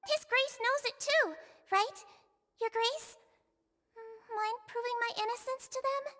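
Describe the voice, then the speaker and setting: A woman voicing a tiny, gentle female nurse creature who speaks softly and politely. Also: very high-pitched, unhurried, big-room sound, heavily acted. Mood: polite, earnest. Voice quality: sweet, polite, soft-spoken. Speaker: game character.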